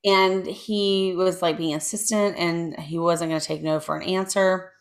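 A woman's voice: fairly low pitch, fairly even intonation, a little slow. Woman on a podcast rambling thru a crime story, ums and side comments, casual. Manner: chatty, lots of ums and asides, reads from notes. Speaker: podcast co-host telling a true crime story. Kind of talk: casual chat.

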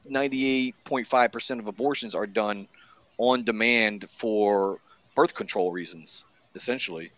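A man's voice: medium pitch, fairly bright tone, no room sound. Blunt, sarcastic man co-hosting. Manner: blunt, sarcastic, reads aloud from a bill. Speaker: podcast co-host. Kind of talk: casual political chat.

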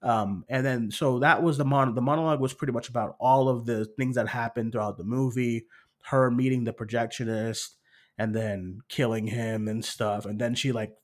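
A man's voice: mid-range voice, normal speed. A man casually recapping a horror film with a co-host, acting out scenes with plenty of fillers. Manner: animated storytelling, acting out scenes, frequent fillers. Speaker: podcast co-host.

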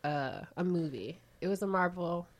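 A woman's voice: on the low side, normal speed, a crowd in the background. A woman in casual chat who laughs often and swears freely while telling stories about her partner. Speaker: podcast co-host's partner.

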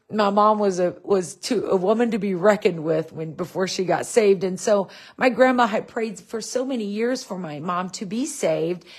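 A woman teaching a Bible lesson in a casual way, telling a family story and talking with frequent fillers and restarts. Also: fairly low pitch.

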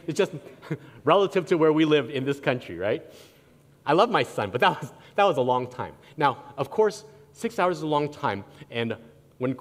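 A pastor preaching a sermon, conversational and lightly self-deprecating, with humorous asides to the congregation. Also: male voice, a little high. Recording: long hall reverb.

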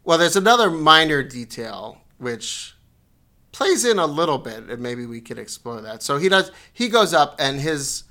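A podcast co-host with a fairly high, bright voice and a forceful tone speaks at a moderate pace, very animated. He casually retells a story in a rambling way, correcting himself as he goes.

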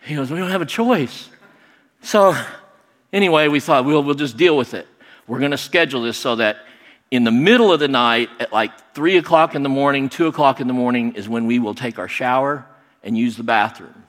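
A man telling a personal story to an audience, animated and acting out what people said. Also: medium pitch, fairly quick. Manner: animated, acts out quoted voices. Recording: long hall reverb.

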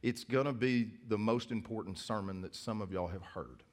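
A man's voice: on the low side, normal speed, a little mellow. A male pastor preaching a sermon in church, in a conversational, joking storytelling manner.

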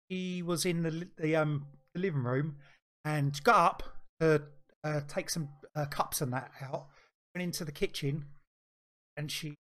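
Man telling a spooky story. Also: a little high. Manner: animated storyteller, acts out quoted dialogue. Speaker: podcast co-host. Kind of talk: casual chat.

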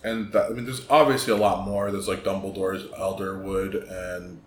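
A man co-hosting a podcast from the United States, chatting in a relaxed way with lots of ums and mm-hmms. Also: low-pitched, normal speed. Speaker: podcast co-host. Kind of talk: casual chat. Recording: echoey room with faint noise.

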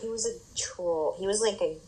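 A woman guest on a podcast, chatting casually and agreeably, quick to chime in. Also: medium pitch, a little mellow, a little hiss or hum, low-quality recording. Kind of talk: casual chat.

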